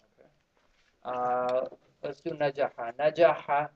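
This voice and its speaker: A man's voice: mid-range voice, level tone, unhurried, darkish tone. Man teaching an Arabic class. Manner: drills students with call and response. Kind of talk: classroom lesson. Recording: muffled lo-fi classroom recording.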